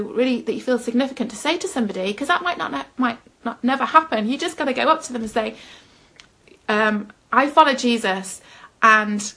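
A woman's voice: a little high, fairly bright tone. A woman giving a personal testimony in an earnest storytelling manner, often laughing at herself. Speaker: Christian speaker.

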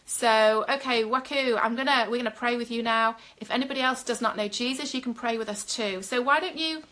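Fervent woman minister, bright voice. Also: a little high, fairly quick. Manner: fervent, talks directly to viewers with filler ums. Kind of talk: live-streamed prayer ministry.

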